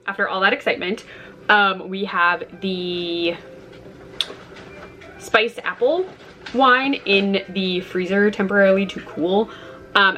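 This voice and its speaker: Chatty excitable woman vlogging from her kitchen. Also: medium pitch. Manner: chatty and excitable, squeals when delighted. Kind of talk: casual home vlog. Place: home kitchen.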